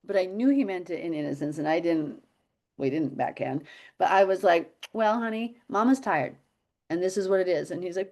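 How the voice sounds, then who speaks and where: A woman's voice: lowish voice, normal speed, a little mellow. A middle-aged woman teaching health habits on a video call, chatty and telling stories with frequent laughter. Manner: chatty storyteller, laughs often. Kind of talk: casual video-call chat.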